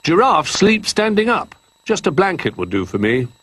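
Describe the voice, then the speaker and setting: A gentle, nervous toy giraffe, played by a man speaks in a raised, slightly husky voice. He is polite and timid in this storybook reading, and his pitch lifts well above the reader's usual register. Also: wildly swooping pitch, a little slow, dry recording, exaggerated voice. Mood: warm. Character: shy, gentle, very tall toy giraffe, male.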